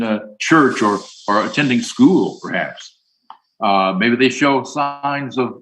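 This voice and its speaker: A man giving a conference acceptance speech in a folksy way, answering imagined objections and repeating a hotline number slowly. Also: mid-range voice, low-quality recording. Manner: folksy, plays both sides of an imagined dialogue.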